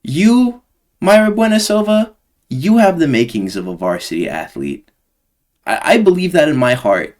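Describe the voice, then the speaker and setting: A young man hosting casual fight predictions, slangy, rambling and sarcastic. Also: medium pitch. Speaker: host.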